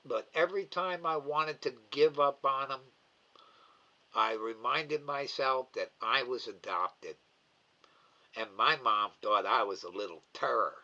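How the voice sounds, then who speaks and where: Middle aged guy on a live stream, slow halting talk, kinda bright edge, dull lo-fi sound. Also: mid-range voice. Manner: slow, halting, repeats words, emotional. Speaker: live cam host reading chat. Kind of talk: casual live-stream chat.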